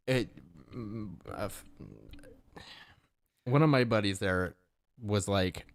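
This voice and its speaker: A man's voice: fairly low pitch, extremely slow, no echo, clean studio sound. A man co-hosting a podcast, telling work anecdotes in a rambling, casual way with many restarts. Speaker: podcast co-host. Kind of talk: casual storytelling chat.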